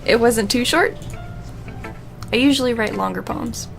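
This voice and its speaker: A woman voicing a shy, polite, bookish teenage girl, speaking softly and hesitantly while reading game dialogue aloud. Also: fairly high pitch, a little slow, vocal fry, soft background music. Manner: soft, hesitant, apologetic.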